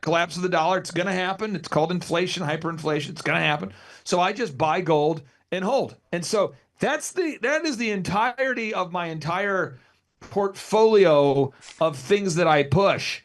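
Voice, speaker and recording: A man's voice: high voice, moderate pace. A man in his forties, a business consultant guest on a podcast interview, telling stories energetically and acting out what others said. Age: 40s. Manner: energetic storyteller who acts out quotes.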